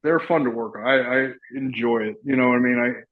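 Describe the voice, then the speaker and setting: Middle-aged guy rambling thru stories, lots of restarts, average pitch, kinda muffled audio. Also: brisk. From Texas. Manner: rambling storyteller, many restarts and laughs. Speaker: guest, actor and retired soldier. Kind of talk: casual interview chat.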